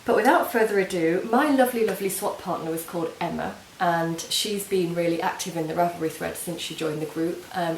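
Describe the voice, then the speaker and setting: A woman talks in a relaxed, gushing way, full of ums and little restarts. Her voice sits slightly low. The camera mic picks up a roomy home room with faint hiss underneath. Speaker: knitting podcast host. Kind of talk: casual video podcast chat.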